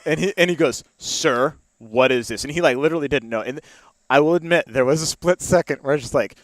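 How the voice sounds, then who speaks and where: A man's voice: on the high side, fast, no echo. A young man telling a long story in casual chat, with lots of fillers and laughs, spoken into a studio mic. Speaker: podcast guest.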